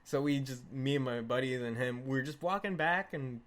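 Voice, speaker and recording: A man's voice: medium pitch, a little fast, fairly bright tone. Laid-back man in casual chat. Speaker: podcast co-host.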